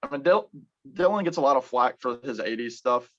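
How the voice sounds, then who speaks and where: A man hosting a casual music chat, talking in halting bursts full of ums and restarts. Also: mid-range voice, expressive. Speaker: podcast host. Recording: dull lo-fi sound.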